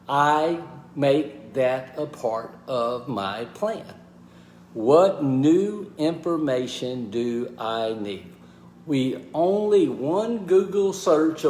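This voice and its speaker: A man hosting a motivational live talk, speaking haltingly with pauses and restarts and greeting viewers by name. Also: a little high, a little mellow, roomy sound, a little hiss or hum. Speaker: host.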